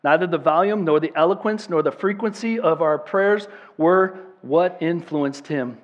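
A man with a high voice preaching a sermon as pastor. He is impassioned and emphatic, repeating words to drive points home. He swings from loud, forceful declarations to hushed, earnest appeals. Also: moderate pace, highs cut off.

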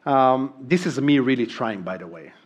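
An animated, slightly rough mid-range voice at normal speed comes through lo-fi sound as a middle-aged Israeli pastor preaches. A native Hebrew speaker with an Israeli accent, he is earnest and frequently ums and restarts.

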